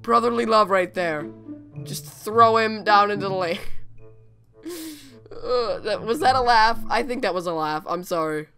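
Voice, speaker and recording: A woman's voice: mid-range voice, moderate pace, pushed and bright, faint music behind. A woman hosting a comedic reaction video, exclaiming and giggling as she comments. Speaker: YouTuber host.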